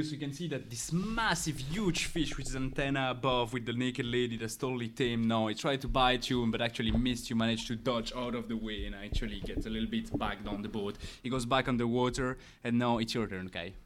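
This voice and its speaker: A man's voice: medium pitch, steady tone, brisk, few pauses, a little hiss or hum. A man casually narrating combat as the game master of a tabletop game. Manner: casual, describing action with restarts and swearing.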